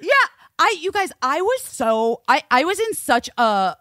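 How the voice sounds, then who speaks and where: Chatty woman host, voice leaps all over, bit high, dry studio sound. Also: a little slow, no room sound. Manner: animated, swears, many "like" fillers. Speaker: podcast host. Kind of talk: casual chat, storytelling.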